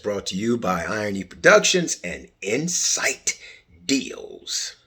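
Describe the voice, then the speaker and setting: A middle-aged man from the United States hosts a podcast in a husky, fairly low voice. He talks casually and animatedly, joking and rambling with restarts. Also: wildly swooping pitch, slow, fairly bright tone. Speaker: podcast host.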